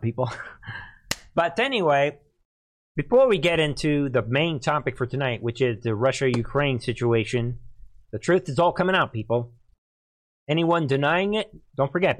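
A man hosting a solo commentary show, excitable and quick to laugh, often talking loudly to his audience. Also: medium pitch. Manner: excitable, keeps laughing, calls the audience "people", gets loud. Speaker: channel host.

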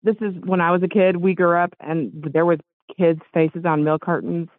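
A middle-aged man from the United States calls in over a tinny, phone-like line, speaking bone dry and close. His voice sits high for a man. He rambles, keeps apologizing, and sounds choked up as he goes. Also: flat delivery, normal speed, no echo. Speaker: caller. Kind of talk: call-in chat.

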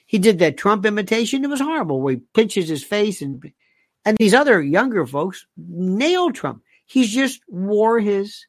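A man's voice: high voice, big pitch swings, normal speed, no room sound. A man delivering a rambling monologue, firing off sarcastic rhetorical questions and repeating himself for emphasis.

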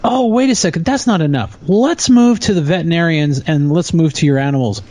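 Indignant, animated man on a podcast. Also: fairly high pitch, brisk. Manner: animated and indignant, mocking voices in quotes. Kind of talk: casual conversational rant.

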